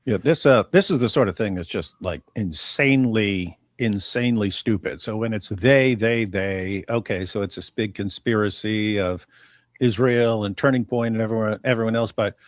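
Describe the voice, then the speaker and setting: A man's voice: fairly low pitch, moderate pace, no room sound, studio quality. A man co-hosting a live stream, chatting casually and bluntly dismissing a theory, repeating words as he builds his point. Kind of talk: casual debate chat.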